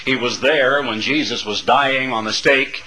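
A man's voice: mid-range voice, unhurried, crowd noise, poor audio. A middle-aged man preaching a sermon to a congregation, building dramatic, rhythmic lists of phrases. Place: church sanctuary before a congregation.

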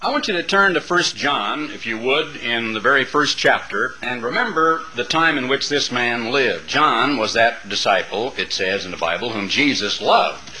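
A man's voice: medium pitch, lively intonation, normal speed, few pauses, sharp tone, poor audio. A middle-aged man preaching a sermon to a congregation, building dramatic, rhythmic lists of phrases. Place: church sanctuary before a congregation.

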